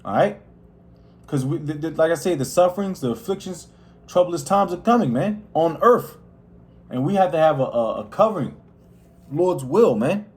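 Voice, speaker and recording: A man leads a casual scripture lesson, talking in loose street slang and often restarting his sentences. His voice sits a little high for a man and carries easily. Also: lively intonation, normal speed. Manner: slangy, rambling, many restarts. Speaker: Bible teacher.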